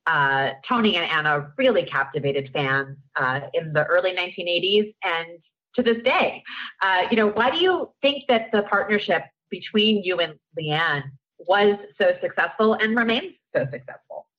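A woman's voice: on the low side, expressive, moderate pace. A woman hosting an interview, affirming her guest and then asking a question. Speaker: interview host. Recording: dull lo-fi audio.

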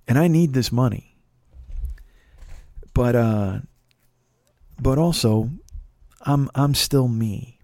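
Rambling, mellow-voiced man telling a story. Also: mid-range voice, slow pace, gravelly, pauses often, no room sound, studio quality. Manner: rambling, profane, self-interrupting with repeated words. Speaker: comedian and podcast host. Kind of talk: casual storytelling monologue.

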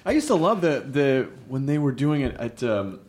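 A man in casual conversation who keeps adding wry, joking remarks. His voice sits at a middle pitch. The voices of a group are clearly heard behind him. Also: big pitch swings, normal speed, crowd noise. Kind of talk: casual chat.

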